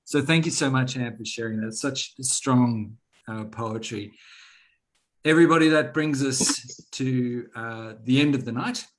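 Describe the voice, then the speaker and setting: A man's voice: mid-range voice, unhurried, low-quality recording. A man hosting an online poetry reading, talking informally with many hesitations. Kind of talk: casual hosting.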